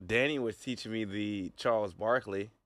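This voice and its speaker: Bright-voiced laughing male co-host. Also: lowish voice, no echo, clean studio sound. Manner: laughing, self-deprecating, quick to joke. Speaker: radio co-host. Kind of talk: casual sports radio banter. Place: radio studio.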